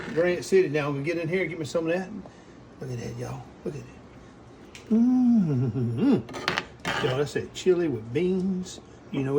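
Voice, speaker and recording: A man's voice: on the high side, a little mellow, slight background noise. A man with a Southern US accent hosting a casual cooking vlog, folksy and drawling, with frequent exclamations. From Louisiana. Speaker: cooking channel host.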